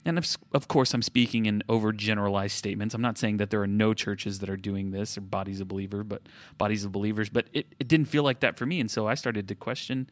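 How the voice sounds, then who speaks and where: Low-voiced reflective man, dry sound. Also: fairly even intonation, fast, few pauses, dry recording. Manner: reflective, self-correcting, with frequent restarts. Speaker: podcast co-host. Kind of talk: casual faith conversation.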